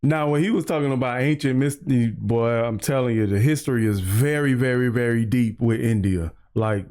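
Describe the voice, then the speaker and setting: A man's voice: mid-range voice, normal speed, a little mellow. An American man hosting a reaction video, musing aloud in casual commentary. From United States.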